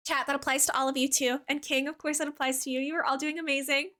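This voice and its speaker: Woman, streamer, casual game-stream chat, bubbly, giggly, gushing, bright high voice. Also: flat delivery, fast talker, few pauses. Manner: bubbly and chatty, many "like" fillers, giggly; warm toward chat, gushing. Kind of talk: casual live-stream chat while gaming.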